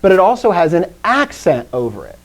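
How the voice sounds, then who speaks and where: Woman, chatty joking teacher on a video call, very lively pitch. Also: fairly quick. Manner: lively, chatty, quizzes the class, jokes. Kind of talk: live classroom lesson.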